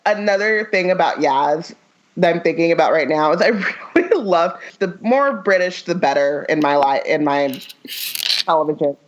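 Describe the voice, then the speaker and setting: A woman's voice: on the low side, normal speed. Woman, podcast guest, rambling, casual, muffled lo-fi. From United States. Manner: rambling, lots of "like", laughs often. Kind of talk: casual chat. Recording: muffled lo-fi audio.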